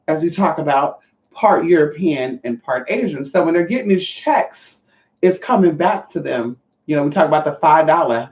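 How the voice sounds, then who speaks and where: A man ranting in a sassy, profane, scolding monologue as a vlogger. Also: on the high side. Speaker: vlogger and self-taught Reiki healer. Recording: echoey room, dull lo-fi sound.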